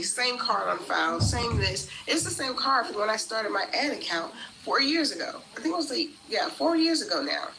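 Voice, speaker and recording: A woman's voice: fairly high pitch, noisy background. A woman telling the story of a refund dispute in an indignant way, acting out both sides of the phone call. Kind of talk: storytelling vlog.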